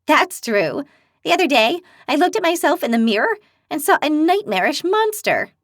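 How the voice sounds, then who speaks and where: A woman's voice: sits high, sing-song, normal speed, dry recording, clean studio sound, pitched above the performer's own voice. A woman voicing a blunt, quarrelsome but brave young woman healer in a fantasy audiobook. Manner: blunt, spirited.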